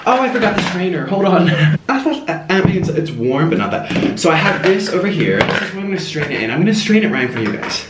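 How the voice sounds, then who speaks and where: A man's voice: sits high, big pitch swings, fast talker, echoey room, very noisy. A man casually talking through a recipe as a home cooking vlogger, chatty and given to dramatic exclamations. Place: home kitchen.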